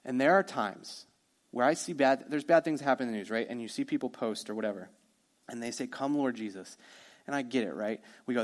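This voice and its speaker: A man preaching a sermon as pastor, energetic and conversational, with quick asides to the congregation. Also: mid-range voice.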